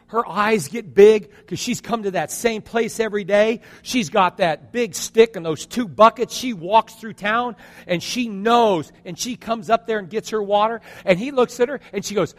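A man preaching a sermon, telling a story and acting out its quotes, swinging from loud passages to hushed ones. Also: sits high, lively intonation, moderate pace. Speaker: pastor. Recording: long hall reverb.

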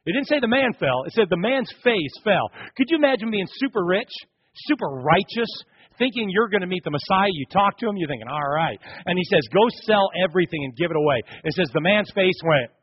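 A man preaching a sermon as pastor, animated, swinging between raised emphasis and hushed asides. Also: sits high, brisk, husky, dry recording, lo-fi sound.

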